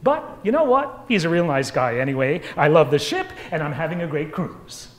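A woman's voice: low voice, expressive, moderate pace. A man doing a gushing lady cruise passenger. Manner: gushing, sing-song diary reading. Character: gushing female cruise passenger writing her diary.

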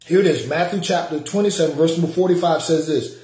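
A man's voice: on the high side, fast talker, darkish tone, echoey room. A man preaching a sermon as pastor, repeating his key lines and calling out to the congregation to respond. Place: church sanctuary.

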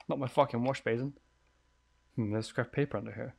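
A man's voice: medium pitch, fairly even intonation, brisk, creaky, long pauses, a little mellow. A man giving let's play commentary on a horror game, jumpy and thinking aloud, swearing often. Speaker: gamer playing a horror game.

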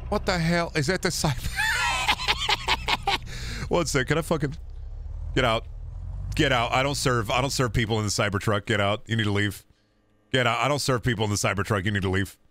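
A man's voice: mid-range voice, fairly quick, pauses often, a bit bright. A young man streaming a game, riffing in jokey, repetitive casual commentary. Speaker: gaming streamer. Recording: faint background noise.

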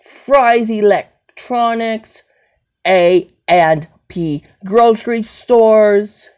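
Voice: medium pitch, very slow, darkish tone, clean tone. A person rambling to themselves on a home video, repeating and listing things over and over. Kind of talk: rambling self-talk monologue.

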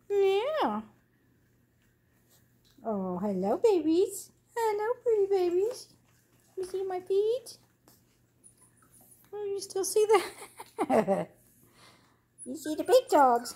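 High cooing woman talking baby talk. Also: sing-song, very slow, pauses often, mellow. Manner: cooing, sing-song and doting. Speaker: dog owner filming her puppies.

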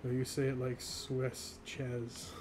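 A man's voice: medium pitch, monotone, slow pace, background noise. A young man in his twenties, from the northeastern US, chatting casually and rambling with chat while streaming a game, often laughing.

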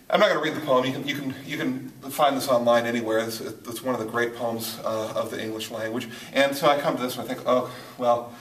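A man gives a poetry lesson while writing on a board, and he stumbles, restarts and thinks aloud as he goes. His voice sits at an ordinary pitch. It is picked up from across an echoey room. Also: fairly bright tone. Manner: halting, thinks aloud with many restarts and fillers. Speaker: poetry teacher. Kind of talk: whiteboard lesson. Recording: roomy, from a distance.

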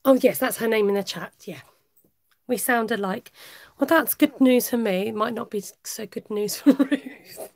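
A woman's voice: a little high, normal speed. Chatty English woman with a West Country twang. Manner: warm chatty, laughs often, talks while working. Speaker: craft livestream host. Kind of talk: chatty live craft stream, reading chat.

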